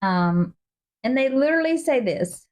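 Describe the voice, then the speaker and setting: A woman's voice: sits high, animated, unhurried, darkish tone. A woman co-hosting a casual Bible study chat, reading verses aloud and talking them over in a chatty way. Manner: chatty, reads verses aloud and acts out quotes. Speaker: co-host of a Bible study podcast.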